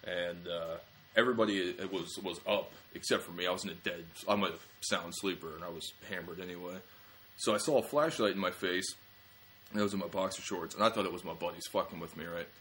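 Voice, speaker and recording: A young adult man, a comedian, telling rambling self-mocking stories in casual podcast chat, acting out quick quotes. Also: deep voice, fairly bright tone, a little hiss or hum. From small-town Ohio. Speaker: comedian guest.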